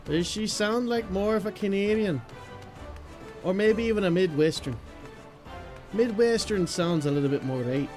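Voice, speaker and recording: High-voiced man streaming a game. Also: normal speed, long pauses, a little mellow, faint music behind. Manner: joking, loose, swears freely. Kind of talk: casual game live-stream commentary.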